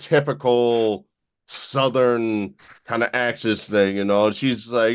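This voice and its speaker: A man's voice: mid-range voice, steady tone, a little slow, clear, resonant tone, dry recording. Easygoing man telling a story. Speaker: podcast co-host. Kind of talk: casual chat.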